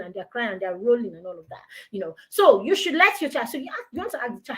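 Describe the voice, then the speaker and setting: Lady giving an online parenting talk, animated, slightly high voice, plays out little dialogues. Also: a little fast, few pauses. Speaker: parenting mentor.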